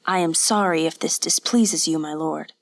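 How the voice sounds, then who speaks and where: A woman voicing a frightened, servile innkeeper's wife who speaks humbly and softly. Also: low-pitched, normal speed, no echo. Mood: apologetic. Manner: humble, apologetic, soft.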